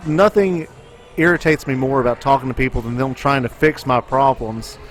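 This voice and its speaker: A man co-hosting a podcast, opinionated and quick to get fired up in casual chat. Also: medium pitch, soft background music. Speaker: podcast co-host.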